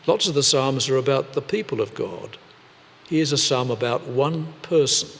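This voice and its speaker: A man preaching a sermon in a church, speaking deliberately with pauses and repeated phrases. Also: mid-range voice, expressive, creaky, fairly bright tone, big-room sound. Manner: slow, deliberate delivery with pauses and repetition.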